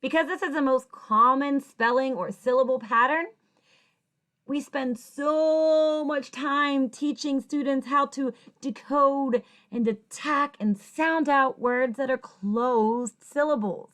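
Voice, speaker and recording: A woman teacher giving a phonics lesson for young children, sounding out syllables slowly and encouraging the viewer with questions and praise. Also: high-pitched, fairly bright tone.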